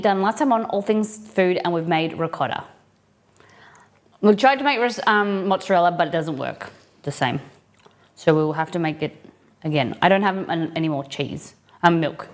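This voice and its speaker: Chatty woman, live cooking stream host, middle pitch, casual chat. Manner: chatty, greets chat viewers by name.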